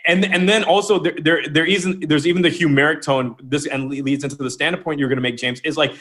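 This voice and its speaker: A male guest author speaks on a podcast in a playful, demonstrative way, often acting out how to talk. His voice sits a little high for a man. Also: steady tone, quick pace, few pauses, a bit bright. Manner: playful, demonstrative, shifts voice to illustrate. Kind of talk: casual conversational interview.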